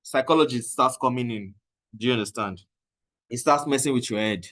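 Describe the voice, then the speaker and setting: A man with a Nigerian accent telling a casual, animated story about trading and often mixing in Pidgin. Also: medium pitch, brisk. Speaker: trading coach. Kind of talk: casual talk.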